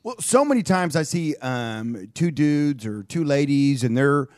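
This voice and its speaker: A man's voice: a little high, expressive, unhurried, a little mellow, dry recording, clean studio sound. A man co-hosting a business radio talk show in casual chat, acting out quoted lines and often restarting his sentences. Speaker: radio co-host.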